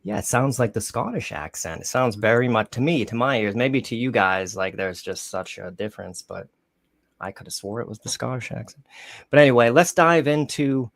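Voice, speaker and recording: A man's voice: medium pitch, expressive, moderate pace, a bit bright. A man hosting a podcast interview, asking long, rambling questions with frequent restarts. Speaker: podcast host.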